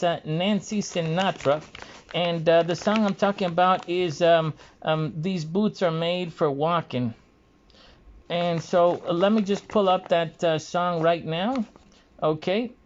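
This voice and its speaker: A man talking casually in a hesitant, halting monologue, pausing often as he gathers his thoughts. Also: fairly high pitch. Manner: halting, hesitant, frequent pauses. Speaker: video creator. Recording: dull lo-fi recording.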